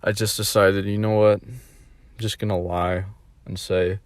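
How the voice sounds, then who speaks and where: A man's voice: lowish voice, level tone, unhurried, no room sound. A young man rambling through a casual storytime vlog, full of fillers and swearing. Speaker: vlogger.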